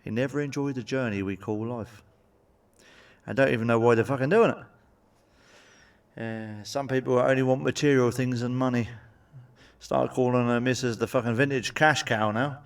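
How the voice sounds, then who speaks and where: Sweary comedian, a bit off-mic. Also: male voice, mid-range voice, steady tone, moderate pace, clear, resonant tone, far from the mic. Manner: blunt, sweary, cheeky jokes with tag questions. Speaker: stand-up comedian. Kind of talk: stand-up joke monologue.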